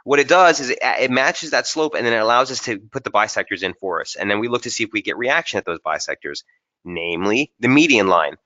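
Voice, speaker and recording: Casual male webinar presenter, low and forceful voice, muffled stream audio, thinks aloud. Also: animated, fast talker. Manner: casual, thinking aloud with frequent fillers and restarts. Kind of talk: live chart analysis webinar.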